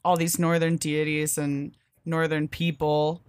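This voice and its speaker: A young woman co-hosting a podcast chats casually, stringing her thoughts together with constant "like"s. Her voice sits a little low, and the recording is dry and close with no room sound. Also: level tone, a little slow, clean tone, no room sound. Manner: rambling, heavy use of filler "like". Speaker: podcast co-host. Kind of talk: casual chat recapping a comic book.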